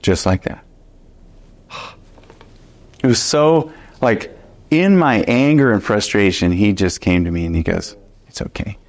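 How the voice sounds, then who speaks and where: A man teaching a Bible study, telling a personal story in an animated, conversational way with many fillers and restarts. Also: fairly low pitch, unhurried, pauses often, no echo.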